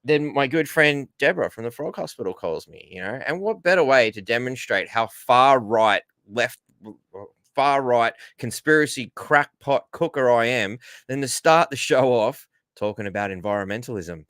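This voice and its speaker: A man's voice: mid-range voice, animated, normal speed, a bit bright, clear, resonant tone, no echo, studio quality. A man with an Australian accent hosting a casual livestream, rambling and greeting viewers in the chat. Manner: rambling, reads out viewer comments, says g'day and mate. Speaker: livestream host.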